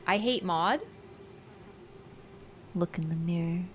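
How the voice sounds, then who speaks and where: A woman's voice: on the low side, slow, slight background noise. A woman streaming a game, chatting casually with her viewers and laughing often. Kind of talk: casual live-stream chat.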